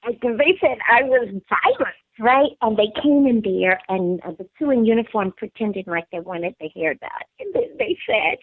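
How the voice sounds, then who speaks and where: A middle-aged woman, a hair braider, calls in to an interview and tells her story with emphatic, animated energy, acting out the voices of the people involved. Her voice sits at a middle pitch and comes through a tinny telephone line with a dry, close sound. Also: normal speed, vocal fry, husky, no room sound. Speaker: guest, hair braider and school founder.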